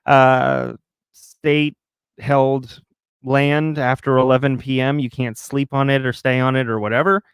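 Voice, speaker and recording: A man hosts a live stream from his recliner at home, chatting and joking with viewers in rambling asides. His voice is smooth and resonant, sitting at an ordinary pitch. The sound is close and dry, with no room echo. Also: little pitch movement, measured pace. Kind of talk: casual chat with live chat viewers.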